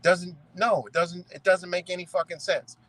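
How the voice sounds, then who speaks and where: A young man from ranting in commentary, profane and animated, often asking "right?". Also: high-pitched, normal speed, dry recording, rough recording. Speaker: commentary streamer.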